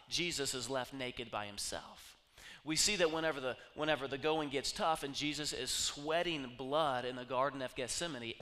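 A man preaching a sermon, telling stories with humor and swinging from loud bursts to hushed asides. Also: mid-range voice. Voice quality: animated, jokey storytelling with sudden loud bursts and hushed asides. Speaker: pastor. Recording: long reverb of a large hall.

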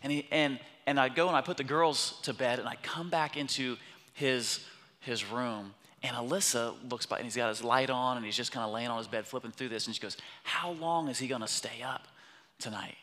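Bright-voiced preacher telling a story. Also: male voice, mid-range voice, a little fast, big-room sound. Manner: animated, acts out quotes of his son. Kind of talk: sermon storytelling.

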